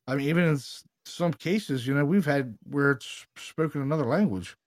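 A man co-hosting a podcast, telling a story in casual, excitable, slangy chat. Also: fairly high pitch, normal speed, dry recording, studio quality. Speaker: paranormal investigator, podcast co-host.

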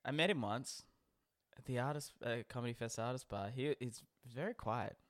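A man's voice: medium pitch, normal speed. A man with an Australian accent, co-hosting a casual podcast chat, teasing and laughing often. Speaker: podcast co-host.

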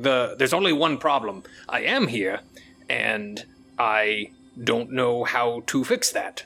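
Polite, formal cat-folk adventurer, voiced by a man in play with a gravelly, bright tone. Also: medium pitch, heavily acted. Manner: formal, courteous, hesitant. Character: proper, polite catfolk male adventurer.

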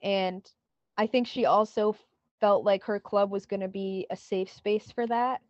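A woman's voice: medium pitch, steady tone, unhurried, dry recording, lo-fi sound. A woman co-hosting a podcast, retelling a TV scene in casual chat and quoting lines with lots of "like". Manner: retells scenes with many "like" quotes. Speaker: podcast co-host.

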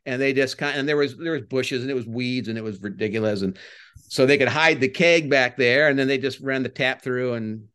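An older man, a former baseball coach, chatting as a podcast guest and telling rambling stories that get animated when he retells crowd chants. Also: medium pitch, a little fast, clean tone. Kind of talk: casual podcast interview, storytelling.

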